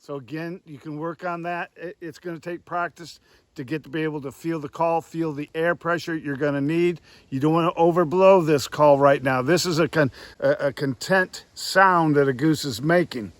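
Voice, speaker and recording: A man teaching goose calling outdoors by the woods, talking through each step and sounding out drawn, breathy calls. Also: a little high, fairly even intonation, moderate pace, no echo. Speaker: goose call instructor. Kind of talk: hands-on tutorial.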